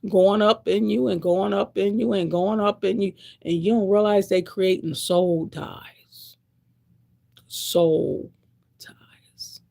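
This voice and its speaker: A woman's voice: medium pitch, fairly even intonation, a little slow, creaky, few pauses, dark tone. A woman in her sixties giving a blunt, preachy monologue to camera, repeating her points. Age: 60s. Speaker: vlogger.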